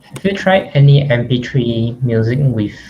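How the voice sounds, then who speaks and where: Guy hosting a video call, drawn-out relaxed questions, a bit of hiss behind. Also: mid-range voice, muffled recording. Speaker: host. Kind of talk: casual questions in an online session.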